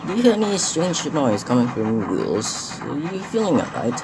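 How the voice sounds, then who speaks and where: A man's voice: mid-range voice, big pitch swings, moderate pace, creaky, noisy background, pitched above the performer's own voice. A man voicing a patient, earnest male engine driver in a homemade storybook tale. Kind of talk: storybook voice acting.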